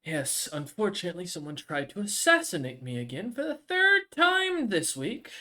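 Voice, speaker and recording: Man voicing a small brash noblewoman who loves a party, a touch higher and bright. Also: very animated, moderate pace, heavily acted. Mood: indignant. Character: tiny adorable noblewoman, brash and party-loving.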